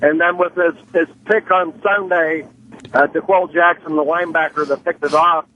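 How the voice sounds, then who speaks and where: Male caller from Indiana, higher voice, nervous and rambling, dull phone line. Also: steady tone, moderate pace, a little hiss or hum.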